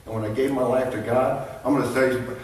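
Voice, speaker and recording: A middle-aged man telling an emotional personal testimony to a men's conference crowd, halting with many restarts. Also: medium pitch, fairly even intonation, a little mellow, a little hiss or hum. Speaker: conference speaker. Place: large conference hall. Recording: echoey hall, heard from a distance.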